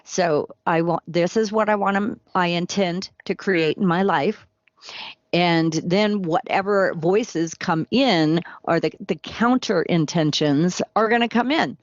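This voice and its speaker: Woman coach, unhurried and earnest, slightly low voice; dry, muffled recording. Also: dry recording. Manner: slow, earnest, coaching delivery. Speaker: soulmate coach. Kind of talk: podcast interview. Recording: dry, dull lo-fi sound.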